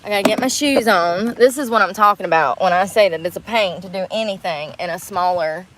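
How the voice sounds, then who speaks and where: A woman's voice: mid-range voice, a little fast, background noise. A woman chatting on a livestream around a car, rambling, giggling and cursing, breathless from effort. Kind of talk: casual livestream chat.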